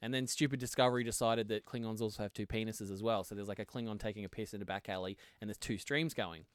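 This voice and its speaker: A man's voice: fairly low pitch, steady tone, quick pace, no room sound, clean studio sound. A man co-hosting a podcast, chatting casually about a TV show, laughing often and restarting his sentences. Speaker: podcast co-host. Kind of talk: casual chat.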